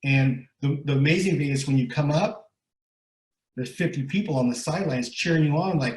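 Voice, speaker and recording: A man's voice: fairly high pitch, fairly quick, a little mellow. Emphatic middle-aged man in an echoey room. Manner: emphatic, repeats words and ends points with "right?". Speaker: guest speaker and recovery coach. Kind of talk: motivational interview talk.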